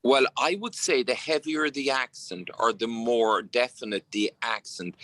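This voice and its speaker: An Irish actor chatting casually as an interview guest, telling relaxed stories with plenty of fillers. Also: male voice, medium pitch, measured pace, no room sound. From Ireland. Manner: anecdotal, relaxed storytelling with frequent fillers.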